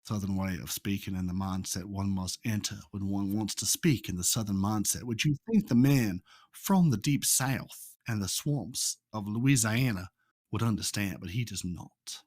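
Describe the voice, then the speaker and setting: A man from the United States on a casual podcast, reading out game numbers in a deadpan, methodical way. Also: on the low side, normal speed, dry recording, studio quality. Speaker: podcast co-host.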